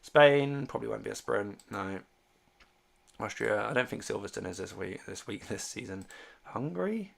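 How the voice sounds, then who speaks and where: With an animated, gravelly, lowish voice at a moderate pace, a man streams live as a fantasy sports host. He casually reads viewers' comments and reasons aloud, with frequent fillers and restarts.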